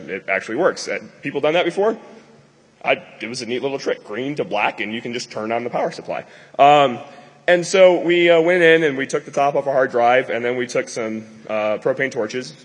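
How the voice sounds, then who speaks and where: A man's voice: mid-range voice, slightly rough, big-room sound. A man giving a live conference talk to an audience, rambling and joking with many fillers. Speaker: conference speaker. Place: lecture hall with an audience.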